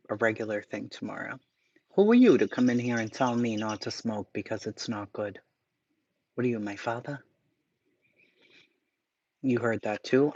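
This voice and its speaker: A man with a husky mid-range voice hosts a casual livestream from home, reading chat aloud with profane, sarcastic asides and mutters. Dogs bark nearby, and the recording is dry and muffled.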